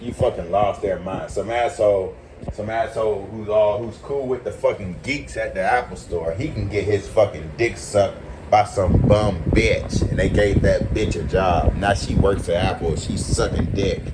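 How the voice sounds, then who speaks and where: A man's voice: on the low side, very noisy. A man who reads a passage aloud, then rants angrily with heavy profanity and repetition. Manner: angry, profane, repetitive ranting with frequent "bro" and "motherfucker". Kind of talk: reading aloud then profane ranting monologue.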